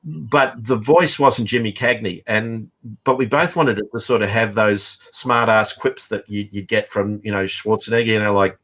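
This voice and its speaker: A man's voice: fairly low pitch, steady tone, normal speed, a bit bright. A middle-aged man who writes and teaches comics, talking casually in a rambling way full of fillers and restarts. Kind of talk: casual chat.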